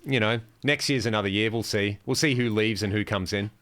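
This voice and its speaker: An Australian man with a lowish voice banters on a podcast. He ribs his co-host and keeps things loose and chatty. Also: brisk, a bit bright. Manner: teasing, banter-heavy. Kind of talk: casual chat.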